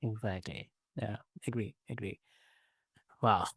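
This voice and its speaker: A man hosting a podcast interview, listening with frequent hums of agreement and asking halting, thoughtful questions. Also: fairly low pitch, fairly bright tone, slightly rough, no room sound, clean studio sound. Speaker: podcast host.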